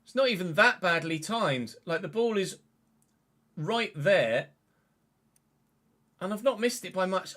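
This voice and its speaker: Young man, gaming commentary, somewhat high voice, exasperated rants and swearing. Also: lively intonation, measured pace, long pauses. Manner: swears and shouts in frustration at the game. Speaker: gaming streamer. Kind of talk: live gameplay commentary.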